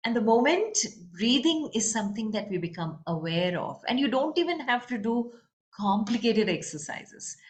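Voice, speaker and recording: A woman, a leadership and voice coach explaining breathing and chanting in a calm, instructive way during an interview. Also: a little high, moderate pace. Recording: roomy with faint background noise.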